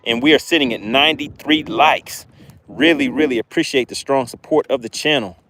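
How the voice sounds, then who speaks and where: This Southern man runs a fishing livestream from outdoors, keeping things upbeat as he talks with viewers and reads out what they comment. He speaks briskly in a mid-range voice with a slightly bright tone.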